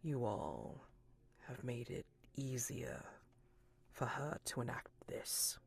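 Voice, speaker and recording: Tired masked stranger voiced by a woman: hushed, sighing, grim, very measured. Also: medium pitch, very animated, gravelly, husky, in a whisper, full character voice. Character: weary masked man, grim and low.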